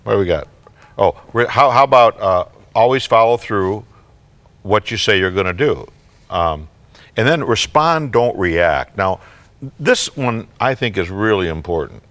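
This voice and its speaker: A man's voice: lowish voice, animated, a little slow, fairly bright tone. An older man, a psychologist guest on a talk show, giving parenting advice in a folksy, joking way.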